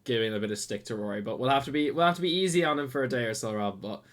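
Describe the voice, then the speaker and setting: Relaxed esports host. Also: male voice, mid-range voice. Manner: relaxed, friendly, halting with restarts. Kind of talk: casual post-match commentary.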